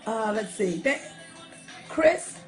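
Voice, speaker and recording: A woman's voice: on the high side, animated, slow, soft background music. A woman hosting a live online show, chatting casually and affectionately with viewers, calling them darling and honey and saying y'all a lot. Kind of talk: casual livestream chat reading viewer shout-outs. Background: R&B song playing softly.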